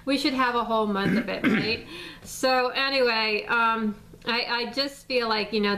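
A woman's voice: medium pitch, a bit bright, far from the mic, slight background noise, poor audio. An American woman, a mother, speaking out in a rambling casual statement full of fillers and restarts. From United States.

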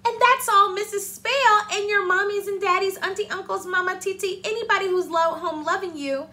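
A woman teacher reading a storybook aloud to children, animated and stopping to ask them questions. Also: very high-pitched, normal speed. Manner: animated, asks the listeners questions.

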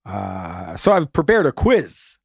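A man's voice: lowish voice, huge pitch swings, takes it slowly, gravelly, breathy edge, dry recording, clean studio sound. A man co-hosting a comedy podcast, running a quiz in a jokey, playful way. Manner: jokey, puts on silly British voices. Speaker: podcast co-host. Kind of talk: casual chat, quiz master.

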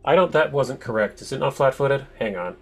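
A man's voice: mid-range voice, expressive, fairly quick, noisy background. This is a man acting as game master in an online tabletop session, talking into a home microphone. His voice sits in a middle register, and he explains rules in a matter-of-fact way, then reacts with sudden exclamations when the dice come up big.

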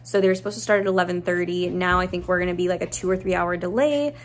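A young woman vlogs casually from a house she's moving into, rambling with fillers as she talks through the move. Her voice is lowish and fast, with slight background noise.

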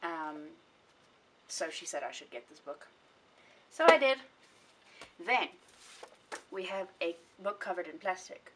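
Chatty young woman, slightly low voice. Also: very animated, measured pace, long pauses, fairly bright tone. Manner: rambling, self-correcting, chatty. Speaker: book vlogger. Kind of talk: casual chat. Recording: voice a bit distant from the mic, faint hiss.

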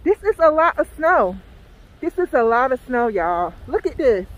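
A woman's voice: high-pitched, big pitch swings, normal speed, rough recording. A Southern American woman vlogging outdoors in the snow, exclaiming dramatically and calling out to her viewers as she walks with her phone. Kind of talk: casual vlog, talking to camera.

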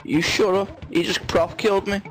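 A man's voice: high voice, steady tone, moderate pace, over music, low-quality recording. A man with a Scouse accent trading mocking, childish insults in casual game voice chat. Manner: mocking, childish trash talk. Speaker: player in online game voice chat.

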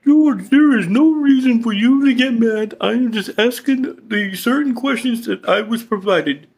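A man's voice: very high-pitched, measured pace, breathy edge, exaggerated voice. A man playing a formal, patient therapist in a comedy skit. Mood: exasperated. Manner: calm, formal, patient, then exasperated. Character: patient male therapist, older.

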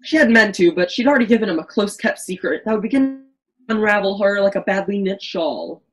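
A woman's voice: medium pitch, lively intonation, fast talker, soft background music, low-quality recording. A woman reading the narration of an amateur virtual stage play in a melodramatic way, often stumbling and restarting lines.

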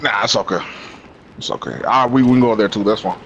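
A man's voice: fairly low pitch, fast, fairly bright tone, lo-fi sound. A man teasing his friend in casual banter while playing a video game. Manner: teasing, playful trash talk. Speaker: gamer streaming with a friend. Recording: voice chat over game audio with clear noise.

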